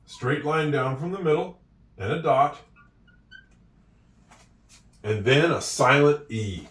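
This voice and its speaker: Male teacher at a board, slightly high voice, recorded from a distance in an echoey room. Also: lively intonation, fairly bright tone. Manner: slow, encouraging, with drawn-out words. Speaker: English teacher. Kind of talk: handwriting and spelling lesson. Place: room with a whiteboard.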